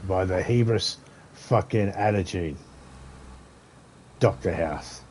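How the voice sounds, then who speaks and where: A man with a very low voice chats while streaming a game. He rambles from topic to topic in a crude, jokey way, with faint noise behind him. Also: warm tone. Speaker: gaming streamer. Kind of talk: casual chat while gaming.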